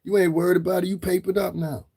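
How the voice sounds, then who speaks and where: A middle-aged livestream commentator rants profanely and confrontationally, repeating himself for emphasis. His high voice barely moves in pitch and comes fast, gravelly, mellow, and husky.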